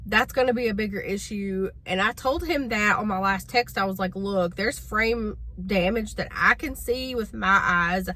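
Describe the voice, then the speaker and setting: Woman vlogger, casual storytelling, bright clear voice, exasperated. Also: medium pitch, normal speed, hardly any pauses. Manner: chatty, exasperated, addresses viewers as y'all.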